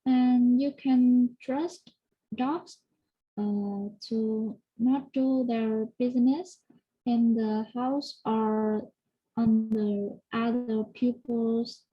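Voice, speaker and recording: A woman learning English, giving a hesitant practice answer with many pauses and fillers. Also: fairly high pitch, fairly even intonation, soft background music. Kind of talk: spoken exam practice answer. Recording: dull lo-fi audio.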